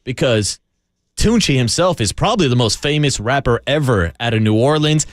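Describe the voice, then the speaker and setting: A man's voice: medium pitch, lively intonation, brisk, dry recording, clean studio sound. A man co-hosting a sports radio show, talking casually and with strong opinions. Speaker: co-host.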